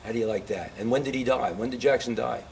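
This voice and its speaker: Man, history lecture, live audience, mid-pitched voice, asks the room questions, impassioned, faint background hiss. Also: fast, vocal fry, darkish tone.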